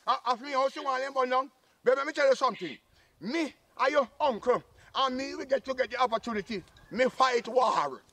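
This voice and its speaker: A man's voice: very high voice, fairly quick, pushed and bright, heavily acted. A man playing a boastful old Jamaican uncle and former soldier, blustering and scolding in a comic sketch.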